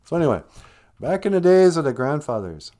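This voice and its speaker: A man's voice: on the high side, very animated, fairly quick, dark tone. A man hosting a live-stream podcast, retelling a folktale in a loose, joking, conversational way. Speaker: podcast host and storyteller. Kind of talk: casual humorous folktale retelling.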